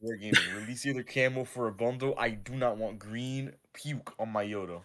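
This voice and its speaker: A man bantering on voice chat during a game stream, quick and joking. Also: medium pitch, pushed and bright. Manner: quick, joking, laughs often.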